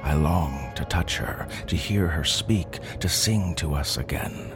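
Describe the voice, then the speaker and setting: Man, story narrator, very deep voice, hushed delivery, background music. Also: slow. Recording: music playing behind.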